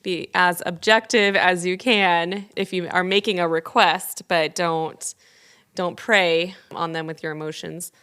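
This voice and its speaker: Woman host with a very clear voice. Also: lowish voice, fairly even intonation, unhurried, a bit bright. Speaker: podcast host. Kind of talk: casual chat.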